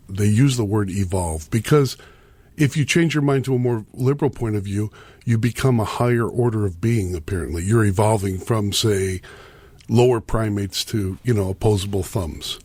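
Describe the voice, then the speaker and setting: A man's voice: on the low side, darkish tone, slightly rough, dry recording. A man co-hosting a talk radio show, giving wry, opinionated commentary. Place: radio studio. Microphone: studio microphone.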